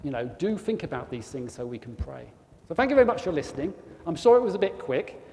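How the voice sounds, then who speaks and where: A man's voice: fairly high pitch, big pitch swings, fast talker, warm tone. A man with a South East English accent giving an informal talk to a church congregation as a guest speaker, chatty and forever asking the room tag questions. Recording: long church reverb, faint noise.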